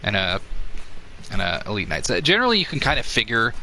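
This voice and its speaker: Rambling low-voiced man commenting on gameplay. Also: wildly swooping pitch, fast, sharp tone, a little hiss or hum, rough recording. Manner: rambling, filler-heavy, swears often.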